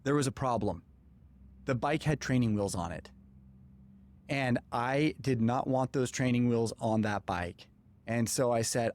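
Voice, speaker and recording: In a podcast studio, a male host recounts a personal story with lots of animation, performing the quoted dialogue himself. His voice sits in the middle range and he talks at an ordinary pace.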